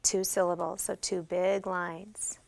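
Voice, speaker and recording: A woman's voice: lowish voice, level tone, slow, vocal fry, no echo. A woman teacher giving classroom instruction, guiding students step by step with patient questions. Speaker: special education teacher.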